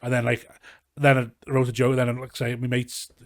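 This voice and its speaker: A man's voice: mid-range voice, completely flat delivery, moderate pace, no echo, clean studio sound. Scouse man telling rambling stories. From Liverpool, England. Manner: rambling anecdotal storytelling, acting out quotes, frequent swearing. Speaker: comedian guest. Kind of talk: casual podcast chat. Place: garage.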